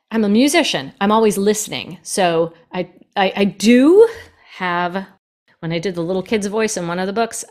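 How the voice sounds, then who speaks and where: A woman who narrates audiobooks, chatting in a podcast about her craft, quick and lively in her delivery. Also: mid-range voice. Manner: fast, lively and animated. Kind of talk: casual podcast conversation.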